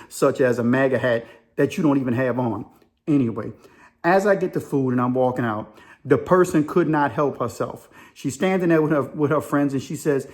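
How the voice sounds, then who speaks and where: A man tells a story in a casual, rambling monologue. His voice sits a touch high for a man. He talks in loose street slang and repeats himself as he goes. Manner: colloquial, rambling with repetitions. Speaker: vlogger.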